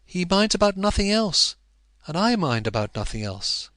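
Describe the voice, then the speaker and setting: A man's voice: a little high, very animated, moderate pace, fairly bright tone, no room sound, voice pushed up. A man voicing an earnest young wife in a storybook reading, pleading for advice.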